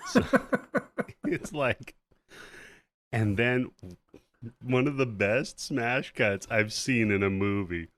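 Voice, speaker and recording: Animated man recapping a movie. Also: medium pitch, very slow, pauses often, no echo. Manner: animated storytelling, profane, laughing. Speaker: podcast host. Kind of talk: casual movie review chat.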